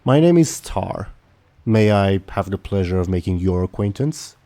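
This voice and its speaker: A man voicing a brutal, haughty one-eyed male ogre chieftain in a tabletop game, grunting out slow, broken words that turn stiffly formal. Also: low voice, expressive, dark tone.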